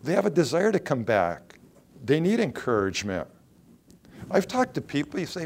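A man's voice: on the high side, big pitch swings, normal speed, creaky, long pauses, a little mellow. A man preaching a sermon in a conversational way, asking the listeners questions and acting out short quotes. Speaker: pastor.

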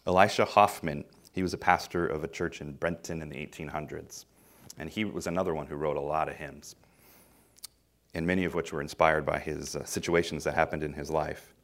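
Deep-voiced man preaching with emphatic bursts. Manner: swings between loud emphatic bursts and quiet low phrases. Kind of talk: sermon.

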